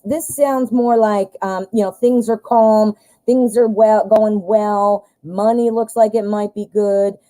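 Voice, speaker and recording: A woman's voice: mid-range voice, dark tone, rough recording. A woman giving a live-stream tarot reading in a chatty, joking way, calling her viewers hon and my dear. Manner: jokey, self-mocking asides. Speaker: tarot reader.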